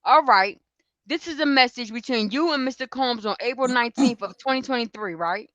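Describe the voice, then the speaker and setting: A woman co-hosting a livestream who reads a court transcript aloud as the questioning lawyer, in a brisk clipped way, and chats casually between readings. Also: a little high, fairly bright tone, no echo, dull audio. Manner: questions in a brisk clipped way, each ending with "right?". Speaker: livestream co-host.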